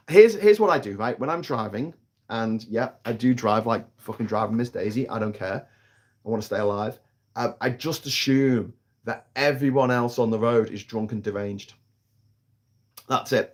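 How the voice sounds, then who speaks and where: A British man holds forth on a casual live stream, broadcasting from outdoors on an island. He rants with plenty of swearing and keeps restarting his sentences as he gets heated. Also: on the low side. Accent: British English. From Britain. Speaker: livestream host.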